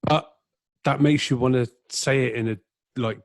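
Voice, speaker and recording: A man's voice: mid-range voice, steady tone, moderate pace, no room sound. A man co-hosting a podcast, talking in a hesitant, stumbling way during casual chat. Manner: hesitant, stumbling, soft-spoken. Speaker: podcast co-host.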